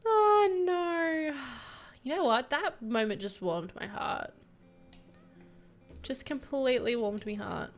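Speaking slowly with frequent pauses, a young gameplay commentator with a fairly high, expressive voice gushes and giggles over the game's sweet moments, easily moved. Faint game music can be heard behind her casual let's play.

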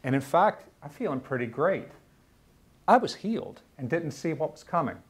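A man's voice: fairly high pitch, very animated. Earnest man telling a story. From Louisiana, US South. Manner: earnest, halting, repeats words when moved. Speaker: author giving a lecture. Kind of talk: personal storytelling lecture. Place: university lecture room.

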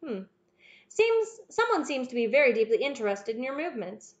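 A sharp, self-assured detective, as a woman reader does him, precise and unhurried in his reasoning. The voice is fairly high and slightly muffled on a dull recording. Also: sing-song. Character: keen, confident male detective, brisk and precise.

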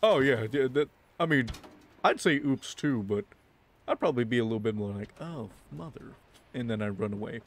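A man's voice: medium pitch, fairly quick. A man giving playful, slangy commentary while playing a video game, with game music behind. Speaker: gameplay commentator. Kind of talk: casual gameplay commentary.

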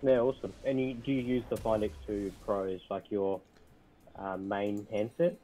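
A man's voice: lowish voice, flat delivery, moderate pace, warm tone, slight background noise, rough recording. A man hosting a casual gaming livestream, upbeat and fond of dad jokes. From Australia. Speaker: livestream host.

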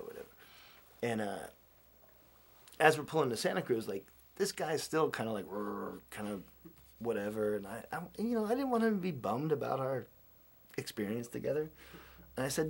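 Gravelly, husky man telling a rambling story. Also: mid-range voice. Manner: rambling and animated, with many restarts and quoted voices. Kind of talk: casual storytelling.

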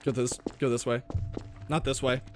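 A man's voice: medium pitch, flat delivery, normal speed, over loud music. A young man streaming a horror game, talking to chat with panicky yelps and laughter. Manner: panicky, yelping exclamations, frequent laughing. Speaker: gaming streamer. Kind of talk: let's play commentary.

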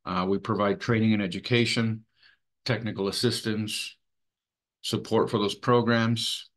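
A man presenting a training webinar in an earnest, measured way, with many fillers. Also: fairly low pitch, steady tone. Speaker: webinar presenter for a sexual assault coalition.

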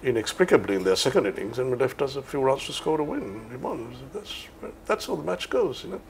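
An older man from Sri Lanka, a veteran cricket commentator reminiscing in an interview in an unhurried, anecdotal way. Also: mid-range voice, big pitch swings, vocal fry, a little hiss or hum.

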